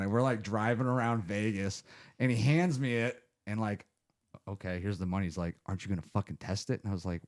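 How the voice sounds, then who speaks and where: Deep-voiced swearing male podcast host. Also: fast, darkish tone. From Ohio. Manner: rambling storyteller, heavy swearing. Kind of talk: casual chat.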